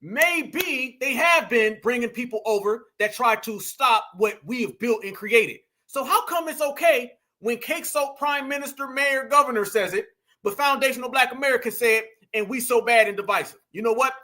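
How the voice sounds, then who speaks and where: A male stream host talks politics straight to his viewers, emphatic and full of slang. His voice sits very high and comes across bright and forceful. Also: normal speed. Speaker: online commentary host. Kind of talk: casual political commentary stream.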